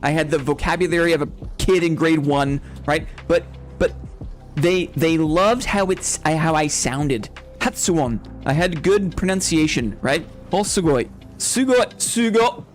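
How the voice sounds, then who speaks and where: Faint music plays behind a young man streaming games casually from home; he rambles, laughs often and keeps tossing out "right?". He speaks at a measured pace in a slightly high voice.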